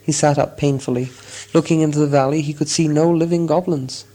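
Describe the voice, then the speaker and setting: Man narrating an audiobook, fairly high voice. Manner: measured, even storytelling. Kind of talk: scripted narration.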